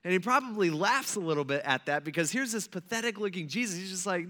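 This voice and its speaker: A man preaching a sermon in a conversational, animated way, acting out the people he tells about. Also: sits high, fast talker. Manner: conversational, animated, acts out quotes. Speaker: pastor.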